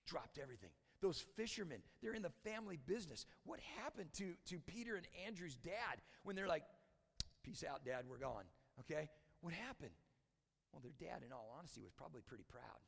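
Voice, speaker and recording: A man preaching from the pulpit of a church sanctuary, his voice a touch high with a gravelly edge. He talks to the congregation in a relaxed, conversational way, then sinks into hushed intensity. His words ring out with the long reverb of a large hall. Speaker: pastor. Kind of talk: sermon.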